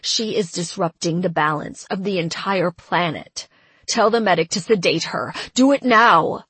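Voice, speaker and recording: A woman's voice: on the low side, measured pace, a bit bright, husky, no room sound, exaggerated voice. A woman voicing a stern old man who gives urgent orders, in an audiobook. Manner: urgent, commanding.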